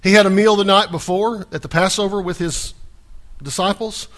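A man's voice: high voice, steady tone, normal speed, fairly bright tone. A male pastor preaching a sermon in a conversational, folksy way, often restarting and repeating small words.

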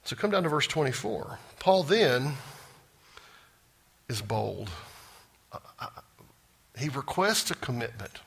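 A man's voice: medium pitch, big pitch swings, slow pace, gravelly, pauses often, slightly rough. A man preaching a sermon. He keeps quizzing the congregation as he goes. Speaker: pastor.

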